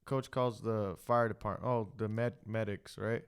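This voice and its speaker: Smooth-voiced man telling a rambling story. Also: lowish voice, steady tone, moderate pace. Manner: rambling storyteller, many restarts and "like". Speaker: podcast co-host. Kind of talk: casual chat.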